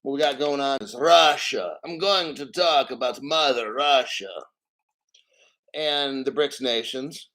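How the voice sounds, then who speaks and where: A man's voice: mid-range voice, slow pace, long pauses, fairly bright tone. A man hosting a casual crypto livestream, rambling and swearing as he reads out viewer names and chat.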